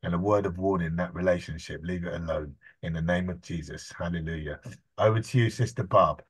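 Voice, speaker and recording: Guy leading church prayer, fervent and repetitive, low husky voice. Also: fairly quick. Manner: fervent, repetitive prayer cadence with lists and hallelujahs. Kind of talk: extempore congregational prayer.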